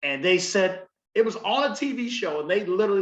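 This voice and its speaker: A man co-hosting a podcast in casual chat, telling stories in an animated, swearing, laughing way. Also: high-pitched, brisk, few pauses, reverberant, dull audio. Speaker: podcast co-host.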